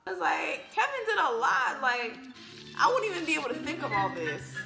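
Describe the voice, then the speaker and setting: A woman hosting a casual movie reaction, talking with animated slangy asides and frequent laughter. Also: high-pitched, normal speed, creaky, echoey room, over music.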